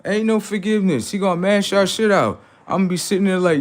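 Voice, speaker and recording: A man with a somewhat high voice rants on his livestream in a preachy, combative tone. He argues with viewers in the chat in loose slang. He jumps from loud outbursts down to low muttering. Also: brisk, few pauses. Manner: preachy, confrontational, slangy, talks back to chat. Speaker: livestream host. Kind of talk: casual livestream rant.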